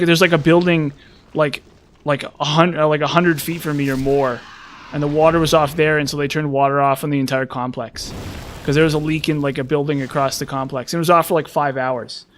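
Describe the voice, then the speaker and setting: A man from the western United States, a streamer, rambles through a casual chat packed with fillers and restarts, sounding frazzled. His voice is a little high, and there's a slight hiss or hum on the recording.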